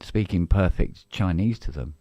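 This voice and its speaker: Deep-voiced rambling man. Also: normal speed, dark tone, no echo. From England. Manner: rambling, full of restarts and coughs. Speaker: co-host of a live stream. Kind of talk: casual chat.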